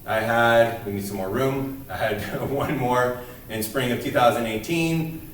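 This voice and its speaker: A man's voice: mid-range voice, measured pace, fairly bright tone, slight background noise. Earnest male lecturer in an echoey room. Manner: earnest, emphatic, with frequent restarts. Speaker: university lecturer. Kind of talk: recorded class lecture. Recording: distant mic in an echoey room.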